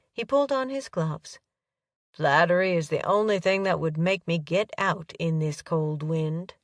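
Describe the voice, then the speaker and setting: A woman's voice: on the low side, unhurried, no room sound, distant mic. Woman narrating an audiobook, dry and close. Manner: reads dialogue with light character voices. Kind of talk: scripted narration.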